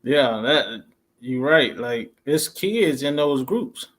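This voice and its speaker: A man's voice: medium pitch, animated, slow, a bit bright. Mid-voiced guy, earnest, co-hosting, kinda preachy. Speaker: co-host. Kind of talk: casual chat.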